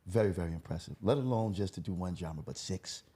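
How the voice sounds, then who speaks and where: A man co-hosts a podcast with a very deep, husky voice. His intonation swings widely as he sets up questions for the guest in a measured way. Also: animated, dark tone. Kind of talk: casual interview chat.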